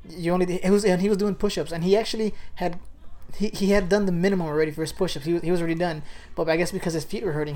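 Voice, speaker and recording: A woman with a lowish voice talks in a blunt, exasperated way. She is an army veteran trading stories over casual chat and swears without a second thought. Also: darkish tone. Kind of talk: casual profane storytelling.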